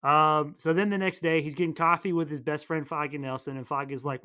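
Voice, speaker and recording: A man's voice: on the high side, pushed and bright. Rambling playful man retelling a plot. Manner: rambling, playful, quick character quips. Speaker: podcast host. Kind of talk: casual retelling of a film plot.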